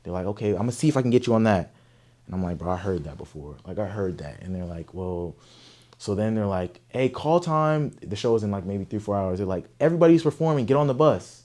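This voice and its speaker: A young man from Oakland, telling a story in an interview, animated, profane and emphatic. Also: low voice, fast talker. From Oakland, California. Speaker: guest artist.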